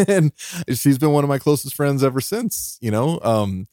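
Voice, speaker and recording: A man hosting a podcast alone, talking in an earnest, heartfelt way, emotional and near tears, often restarting and laughing softly. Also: medium pitch, very animated, normal speed, dry recording, clean studio sound. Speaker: podcast host. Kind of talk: reflective solo podcast monologue.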